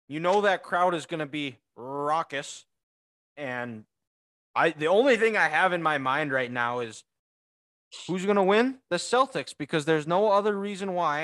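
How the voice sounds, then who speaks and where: A man with a Midwestern accent co-hosting a podcast, casually rattling off sports stats with quick restarts. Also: fairly high pitch, a bit bright. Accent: Midwestern American. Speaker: podcast co-host.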